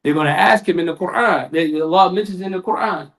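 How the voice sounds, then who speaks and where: Man, sermon, high voice, slangy, dramatic. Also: quick pace, gravelly, a bit bright. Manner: casual street talk, dramatic, acts out voices. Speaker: lecturer.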